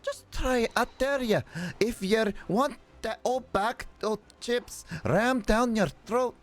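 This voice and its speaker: A man's voice: very high voice, slow, faint music behind, pitched above the performer's own voice. A man voicing a cheeky, defiant young girl, taunting and cocky.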